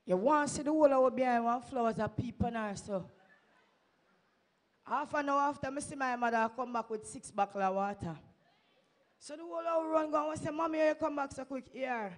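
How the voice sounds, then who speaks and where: A woman's voice: fairly high pitch, fairly quick. Fervent Jamaican woman testifying in church. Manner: fervent, exhorting, switches into Jamaican Patois. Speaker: church member giving testimony. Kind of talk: testimony to a congregation. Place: church sanctuary.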